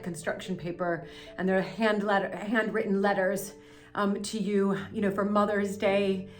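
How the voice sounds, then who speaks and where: Emotional American woman filming a vlog. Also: mid-range voice. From United States. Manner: emotional, rambling, apologetic. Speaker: host. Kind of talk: casual vlog narration. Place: indoor cellar. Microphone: handheld camera she is filming with.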